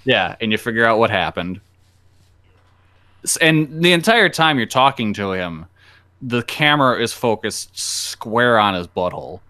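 A man's voice: medium pitch, animated, unhurried, sharp tone, no echo. A man hosting a casual podcast chat, rambling through a joking story and acting out the people in it. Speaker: podcast host.

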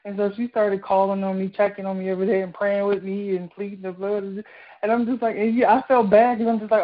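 A woman's voice: mid-range voice, steady tone, fast. A young woman speaking in a casual chat, telling her story with animation and many fillers. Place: radio studio. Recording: muffled radio broadcast audio.

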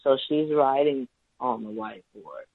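A man's voice: mid-range voice, unhurried, no echo. A man calling in to a talk show, telling a story in a rambling, hesitant way. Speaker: caller. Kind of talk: call-in talk radio account. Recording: tinny phone line, dry.

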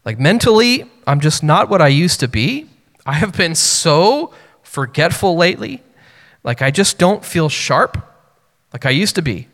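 A man's voice: fairly high pitch, sing-song, a little slow, a bit bright. Earnest male pastor in his thirties. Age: 30s. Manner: earnest, personal, conversational with filler words. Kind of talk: sermon. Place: church sanctuary. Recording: long hall reverb.

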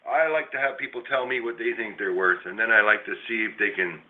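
A man's voice: on the low side, quick pace. Man, middle-aged, business owner, rambling casual storyteller, swears a lot, tinny phone line, faint hiss. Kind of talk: casual chat.

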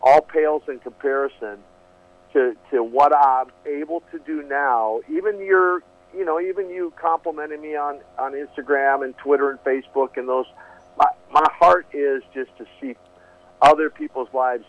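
A man's voice: fairly high pitch, lively intonation, normal speed, vocal fry. Earnest man telling a testimony over a tinny phone line. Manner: earnest, repeats words when restarting. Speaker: guest, preacher. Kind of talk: storytelling testimony.

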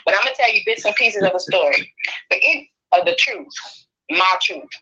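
A woman in her forties tells her story over a muffled phone line. Her voice sits a little high and sounds bright and forceful. She talks in an animated way, repeating herself and restarting sentences. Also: normal speed, gravelly, slightly rough. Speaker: caller. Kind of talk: personal storytelling on a call-in show.

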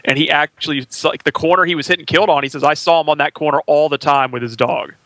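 Male podcast co-host, bright tense tone, slightly high, dry close sound, rambling storyteller. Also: fairly even intonation, fast talker, no echo. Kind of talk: casual chat.

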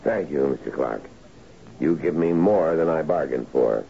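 An actor in a 1970s radio drama playing an eager, fawning official. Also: male voice, rumbling low, lively intonation, measured pace, creaky, full character voice. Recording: dull old radio broadcast.

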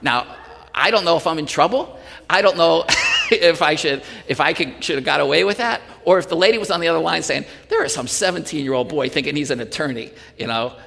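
A man preaching a sermon, telling a personal story in an animated way with chuckles and restarts. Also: fairly high pitch, a little fast, vocal fry. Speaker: pastor. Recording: reverberant hall.

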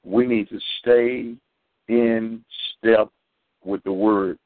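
A man's voice: fairly low pitch, steady tone, takes it slowly, dry recording. Preaching man on a tinny phone line. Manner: storytelling, repeats and restarts words. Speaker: preacher on a community call. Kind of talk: preaching testimony.

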